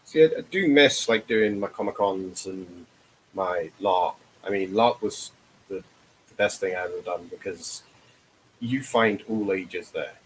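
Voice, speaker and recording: A man chatting on a livestream, his voice sitting low. He explains at length and restarts his sentences often, with a faint hiss under the recording. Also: a little slow, low-quality recording. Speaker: actor guest. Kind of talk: casual livestream chat.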